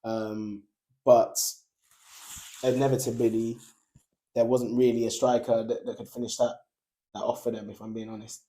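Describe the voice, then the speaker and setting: A man's voice: mid-range voice, moderate pace, long pauses. Laughing young man, football chat. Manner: animated, laughs often, slangy. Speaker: podcast host.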